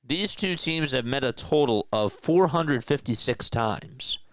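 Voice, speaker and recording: A man doing relaxed play-by-play commentary for a stream, chatting with his viewers between pitches. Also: measured pace, dry recording. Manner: casual, chatty, talks to viewers. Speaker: play-by-play host. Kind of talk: amateur play-by-play commentary with chat.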